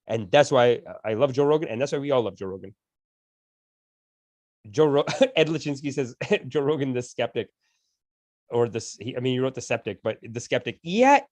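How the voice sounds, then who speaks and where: A man's voice: mid-range voice, fairly quick, a little mellow, dry recording. A man hosting a satirical reaction show, joking and laughing often in a mock-reverent way. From Canada. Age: adult, not yet sixty. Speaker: comedic reaction host.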